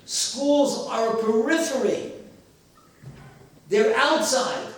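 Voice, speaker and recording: A man giving an emphatic sermon-style talk with stories and rhetorical questions to an audience in a hall. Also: high voice. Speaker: speaker at a memorial gathering. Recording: very echoey hall, voice far from mic.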